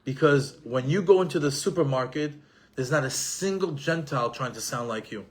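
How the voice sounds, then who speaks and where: Husky-voiced man teaching Torah. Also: medium pitch, normal speed. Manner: animated, repeats himself, mixes in Hebrew terms. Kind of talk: Torah lesson to an audience.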